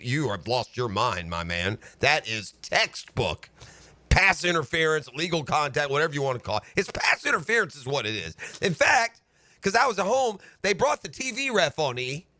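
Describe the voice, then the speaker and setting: A man hosting sports talk radio from a studio mic, breaking down a game in an animated rant that climbs into shouting. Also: on the high side, dry recording. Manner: animated ranting, building to shouts. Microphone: studio broadcast microphone.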